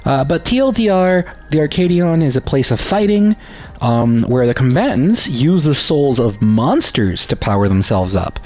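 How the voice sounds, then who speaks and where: A man's voice: medium pitch, expressive, normal speed, warm tone, soft background music. A man giving casual, rambling commentary while playing a game, joking at his own expense. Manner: rambling, self-deprecating, lots of fillers and restarts. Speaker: gaming streamer.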